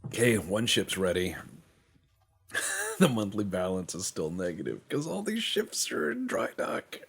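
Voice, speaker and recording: A man with a very low voice talks through his game in an animated, swinging way. He is a jokey, sweary host who pokes fun at himself. It is casual let's-play commentary. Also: breathy edge. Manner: joking, sweary, self-mocking; slips into quick silly voices for other countries. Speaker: gaming channel host.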